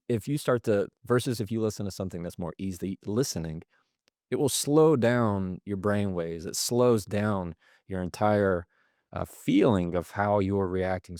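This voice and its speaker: A man guesting on a podcast, his voice sitting low as he explains things in a measured, steady way. He now and then acts out tones of voice to make a point. The recording is dry and close-miked. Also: no room sound. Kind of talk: interview answers.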